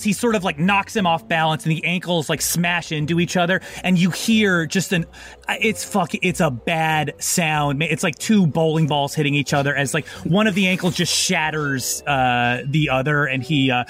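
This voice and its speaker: Man, game master, rambling tabletop narration, higher voice, faint music behind. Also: fairly bright tone. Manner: loose, rambling narration full of fillers.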